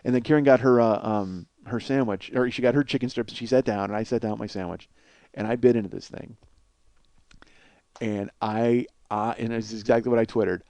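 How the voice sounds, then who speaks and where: A comedy podcast host speaks a little fast in a medium-pitched, darkish voice with fairly even intonation, in a dry recording. With a cold sore on his face, he rambles through a profane comic monologue that mocks himself, laughing along at his own jokes.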